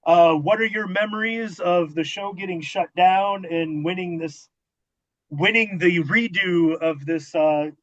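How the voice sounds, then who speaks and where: Speaking a little slowly, a fairly high-voiced man who once managed wrestlers and now hosts a podcast spins backstage tales in a casual storytelling interview. He swears freely and performs the dialogue with animation, all over dull, lo-fi audio.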